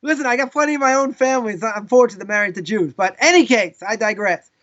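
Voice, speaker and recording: A man, a rabbi, teaching a live class in a casual, animated way, telling stories with lots of asides. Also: high voice, quick pace, lo-fi sound. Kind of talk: live lesson with storytelling.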